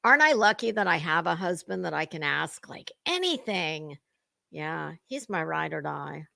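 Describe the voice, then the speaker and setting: A woman's voice: sits low, very animated, normal speed, creaky, sharp tone, dry recording, studio quality. A woman hosting a casual livestream, greeting viewers in chat and talking in a salty, chatty way with cusswords. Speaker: livestream host.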